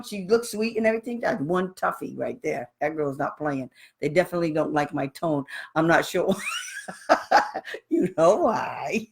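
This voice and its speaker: Woman trainer, medium pitch, blunt and sassy, quick to laugh, chatty live-class delivery over a computer mic. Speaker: special education advocate and trainer.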